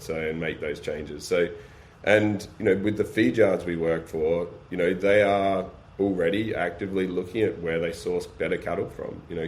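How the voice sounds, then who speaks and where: Deep-voiced man explaining with energy. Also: a little hiss or hum. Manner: energetic, explains with practical examples and rhetorical questions. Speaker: guest, beef supply chain business. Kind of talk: casual podcast conversation.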